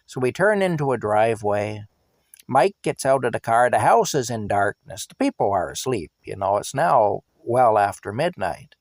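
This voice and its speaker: A man's voice: mid-range voice, normal speed, no room sound. A man, a former taxi driver, casually telling a personal story and acting out the people in it. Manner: animated, quoting people, chuckling.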